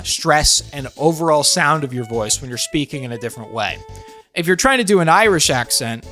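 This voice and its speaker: A man's voice: on the high side, a bit bright. A man narrating a jokey explainer voice-over, with a dry, ironic internet humor. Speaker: online video host.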